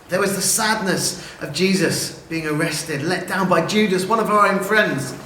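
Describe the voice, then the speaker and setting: A man's voice: fairly high pitch, a little hiss or hum. Peter, a man playing an eager fisherman disciple. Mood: solemn. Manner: vivid storyteller, swings from hushed to eager. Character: excitable, remorseful male fisherman disciple. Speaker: actor in a church assembly video. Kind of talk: first-person dramatic monologue. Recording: roomy, echoey recording.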